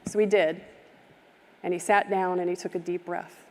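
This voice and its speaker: A woman's voice: fairly low pitch, flat delivery, normal speed, a little mellow, slight background noise. A woman speaking at a summit, telling a heartfelt story with vivid detail and acting out the people in it. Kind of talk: storytelling keynote talk. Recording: live stream from a reverberant hall.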